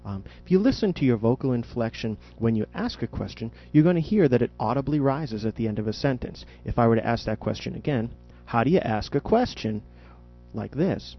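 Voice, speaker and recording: A man's voice: medium pitch, expressive, quick pace, hardly any pauses, lo-fi sound, faint music behind. A man teaching jazz improvisation in a podcast audio lesson, explaining patiently and demonstrating spoken question and answer inflections.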